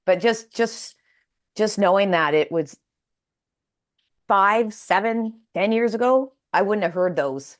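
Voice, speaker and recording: A woman's voice: mid-range voice, expressive, takes it slowly, pauses often. A woman being interviewed on a podcast, telling a personal story with many restarts and acted-out quoted voices. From Canada. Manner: frequent restarts and hesitant fillers. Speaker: podcast guest. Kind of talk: casual interview chat.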